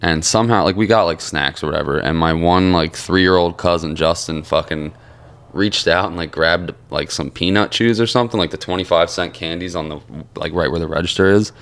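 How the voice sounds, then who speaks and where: Deep-voiced young man. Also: fairly quick, a bit bright, smooth. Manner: laid-back, profane, laughs through stories. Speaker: podcast co-host. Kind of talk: casual chat.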